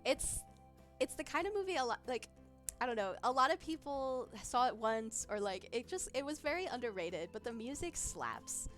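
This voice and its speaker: A woman's voice: on the high side, big pitch swings, normal speed, a bit bright. A woman streaming as a vtuber, chatting casually, giggling often and losing her train of thought as she reacts to chat. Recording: faint background music.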